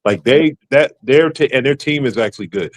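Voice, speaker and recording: A man's voice: mid-range voice, animated, brisk. A man chatting casually as co-host, rambling along in laid-back slang. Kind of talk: casual chat.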